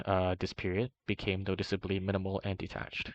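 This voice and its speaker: A man reading a long document aloud in a steady way, now and then stumbling and correcting himself, in a dull, slightly muffled recording. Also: deep voice, brisk. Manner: steady reading with small slips and self-corrections. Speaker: reader of a document. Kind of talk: long read-aloud narration.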